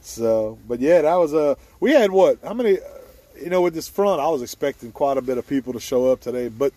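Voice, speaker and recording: A man's voice: medium pitch, expressive, a little fast, warm tone. A man, hosting a hunting video and telling a story outdoors with frequent laughter. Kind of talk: casual storytelling. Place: outdoors at a boat launch before dawn.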